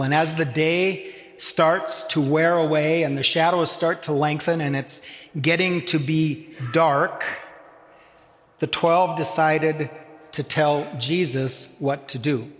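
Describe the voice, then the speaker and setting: A man preaching a sermon as pastor, slow and deliberate with dramatic pauses, addressing his congregation. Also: on the high side. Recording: long hall reverb.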